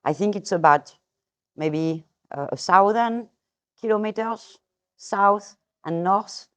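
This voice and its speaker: A woman's voice: medium pitch, takes it slowly, fairly bright tone. A French woman with a French accent, a guest in a casual chat, explaining with some hesitant fillers. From France.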